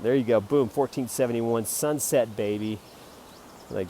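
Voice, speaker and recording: A man rambling jokingly about his photo prints in a self-promoting monologue, jumping between loud bursts and quiet mutters. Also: lowish voice, brisk, a little hiss or hum. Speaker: amateur photographer selling prints.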